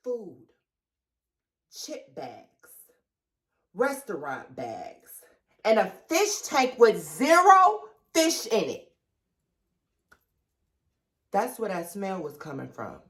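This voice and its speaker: This storytime vlog features a young woman speaking very slowly with frequent pauses, her mid-range, fairly bright voice swinging hugely in pitch. Chatty and confiding, she dramatizes events and calls her viewers girl and baby.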